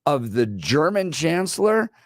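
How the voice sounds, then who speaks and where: A man in his forties co-hosting a radio talk show, telling stories in an animated way and laughing as he goes. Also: on the high side, a little slow, dry recording. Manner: animated storyteller, laughs while telling anecdotes.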